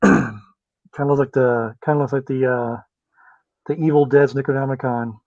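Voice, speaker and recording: A co-host in their thirties jokes and teases in a relaxed chat on a live stream. The voice is dark and mellow. The audio is dry and dull, like lo-fi stream sound. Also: mid-range voice, normal speed, no room sound. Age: 30s. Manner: joking, teasing, relaxed.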